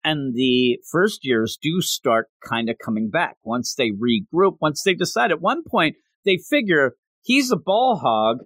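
A man in casual chat, animatedly recapping a story and acting out the characters' lines in quick voices. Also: on the high side, lively intonation, fairly bright tone, no room sound.

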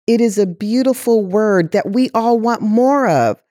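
A woman's voice: on the high side, unhurried, dark tone, no echo, clean studio sound. A woman guest in an interview, speaking with passion and asking emphatic rhetorical questions. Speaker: guest, chief diversity officer. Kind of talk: interview conversation.

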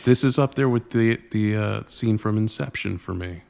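Male podcast host, low gravelly voice, animated and profane. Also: moderate pace. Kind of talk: casual movie recap chat.

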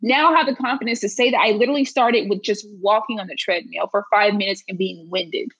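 A woman's voice: medium pitch, fairly quick, a bit bright, slightly rough, dry recording, rough recording. A woman guest talking earnestly and emphatically in a casual interview, repeating her phrases for weight.

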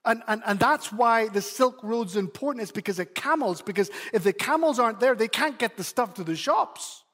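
A man's voice: very high voice, lively intonation, normal speed, a bit bright, in a large hall, voice pushed up, exaggerated voice. A preacher voicing his seven-year-old son as an earnest boy eagerly telling a secret. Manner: eager, insistent, correcting.

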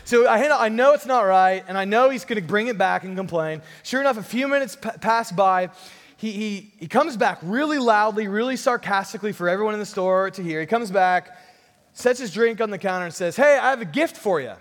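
A young man preaching a sermon, telling a story with lively, playful sarcasm. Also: high-pitched, fairly quick, big-room sound. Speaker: pastor.

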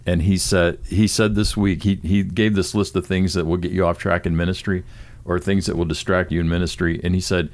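Man, low voice, pastor in casual chat, earnest. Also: little pitch movement, a little fast, few pauses, darkish tone.

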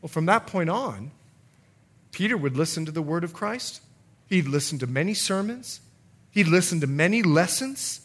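A middle-aged man preaching a sermon as pastor, telling stories with lively, acted-out voices. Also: on the high side, moderate pace. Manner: animated storytelling, acting out quoted voices.

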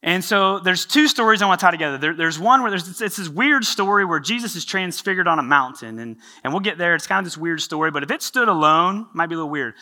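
Male pastor preaching, bright clear voice, chatty animated storytelling. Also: high-pitched, fast talker, hardly any pauses. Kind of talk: sermon.

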